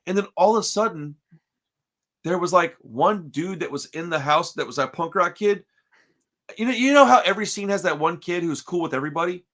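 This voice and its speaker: A man's voice: sits high, fairly quick. A man hosting a podcast, telling a story in casual, profane chat and calling everyone "dude". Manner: animated, profane, says "dude" constantly. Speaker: podcast host.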